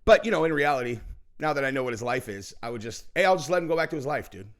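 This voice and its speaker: A man's voice: mid-range voice, animated, rapid-fire. A man hosting a political commentary show, ranting in a heated, profane and mocking way, often acting out quotes.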